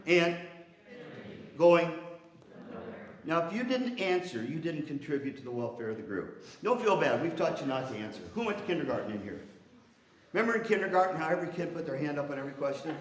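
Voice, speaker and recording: A man's voice: fairly high pitch, animated, fast talker. An older man giving a playful motivational talk as guest speaker at a university, teasing the audience. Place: university hall. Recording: roomy hall from far off.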